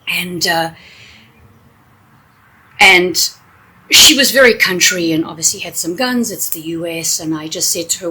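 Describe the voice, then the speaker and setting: A woman telling a funny personal story in a chatty, animated way. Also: fairly low pitch, measured pace, pauses often, very noisy. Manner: chatty, animated, with fillers and restarts. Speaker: storyteller and English teacher. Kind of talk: casual storytelling.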